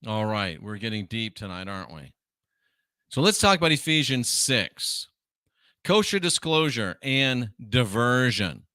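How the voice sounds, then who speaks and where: A man's voice: medium pitch, sing-song, unhurried, bright, forceful tone, no room sound, studio quality. A man hosting his show, lecturing on scripture in an emphatic, scornful way that repeats phrases for force. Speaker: host.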